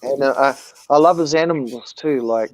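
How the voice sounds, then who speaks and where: A man's voice: medium pitch, moderate pace, no echo. A man rambling through a funny story in casual chat, swearing as he goes.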